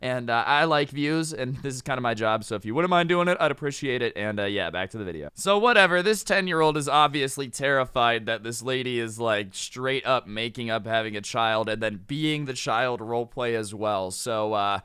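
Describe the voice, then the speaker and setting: A man's voice: medium pitch, expressive, moderate pace, hardly any pauses, sharp tone, smooth, dry recording, clean studio sound. A young man telling a story casually and chattily, saying "dude" a lot and acting out the quotes. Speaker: storytime youtuber.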